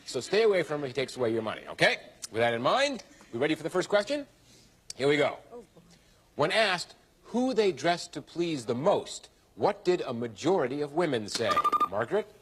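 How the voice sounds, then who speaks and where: A man's voice: fairly high pitch, big pitch swings, a little fast, slight background noise. A man hosting a TV game show in a studio, with jokey, upbeat banter. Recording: old TV broadcast with loud studio audience.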